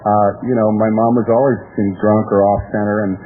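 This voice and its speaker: A man's voice: fairly low pitch, flat delivery, brisk. A man from California telling his recovery story at a meeting, rambling and chuckling as he goes. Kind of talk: personal recovery talk. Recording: tinny phone-like tape with faint music.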